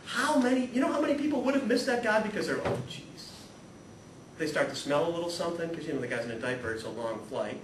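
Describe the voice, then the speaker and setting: A man giving a humorous, animated spiritual talk to a live audience, acting out the people in his stories and swinging from hushed to loud. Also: on the high side, rapid-fire, few pauses. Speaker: guest speaker at a spirituality talk series. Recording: echoey room, voice from far off, audible noise.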